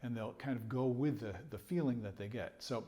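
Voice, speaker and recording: A man at an ordinary pitch talks through a music lesson as a trumpet teacher. He explains patiently and sings rhythms aloud on nonsense syllables. He chuckles between points. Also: brisk, warm tone.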